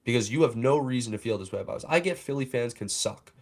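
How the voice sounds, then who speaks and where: Speaking fast and with lots of animation in a mid-range voice, a young fan podcast host tears into a sports analyst. It's a livestream rant, angry and heated throughout.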